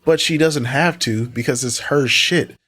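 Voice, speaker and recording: A man's voice: mid-range voice, a little slow, a bit bright, a little hiss or hum. A man doing reaction commentary, sarcastic and exasperated, swearing freely as he pushes back on a streamer's clips. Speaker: commentary host.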